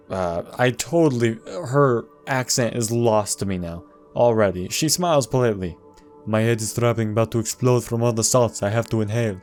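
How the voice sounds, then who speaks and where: A man narrating his video game walkthrough in a fairly low voice, reading the on-screen text aloud. He slips in dry asides as he goes, and game music plays faintly underneath. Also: darkish tone. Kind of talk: casual gameplay commentary.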